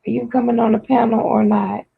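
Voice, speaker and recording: A livestream host with a raspy voice, chatting casually with viewers and playfully scolding them over and over. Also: mid-range voice, flat delivery, brisk. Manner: playful mock-scolding, repetitive. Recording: tinny phone-like audio.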